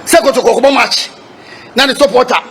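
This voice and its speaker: Very high-voiced Ghanaian man, emphatic. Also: fast, a bit bright, a little hiss or hum. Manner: emphatic, switches between Twi and English, repeats himself. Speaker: football club supporter. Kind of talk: press statement to reporters.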